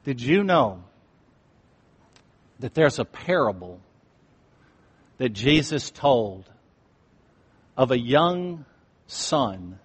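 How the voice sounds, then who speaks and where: A man preaching slowly and deliberately in a church sanctuary, his voice trailing off into long hall reverb. He moves between ringing declarations and hushed, solemn asides. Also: a little high. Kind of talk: sermon.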